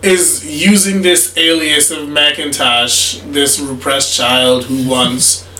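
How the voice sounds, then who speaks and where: A man with a higher, bright, forceful voice, chiming in on a movie recap with quips and emphatic reactions. He sounds like he is in an echoey room, with faint ambience behind him. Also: level tone, takes it slowly, a little hiss or hum. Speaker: podcast co-host. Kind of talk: casual chat.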